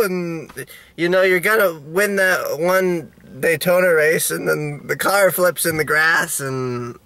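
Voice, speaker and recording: Guy vlogging, high bright voice, slow and halting, lots of uhs, whiny melodramatic vibe. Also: dry recording. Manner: halting, with many restarts and fillers; melodramatic and self-pitying, mock-despairing. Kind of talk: rambling video diary.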